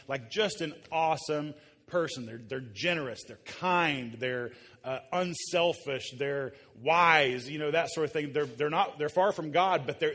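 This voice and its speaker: A man's voice: fairly high pitch, a bit bright, long reverb tail. Casual, joking male pastor preaching. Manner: casual, joking, with frequent restarts. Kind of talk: conversational sermon. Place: church before a live congregation.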